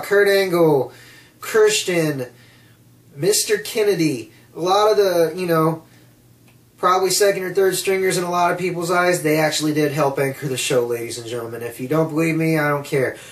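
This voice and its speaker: A man's voice: on the high side, normal speed, far from the mic. A man in a blunt, sarcastic casual rant as a wrestling vlogger. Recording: echoey room, off mic.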